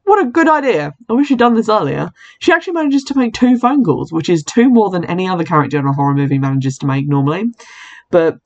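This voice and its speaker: A host talks through a horror film's plot in a casual, chatty way, dropping wry asides along the way. The voice sits at a middle pitch, and the speaker often stops to correct themselves mid-sentence. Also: animated, quick pace, muffled recording. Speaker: film recap host. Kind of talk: casual film recap narration.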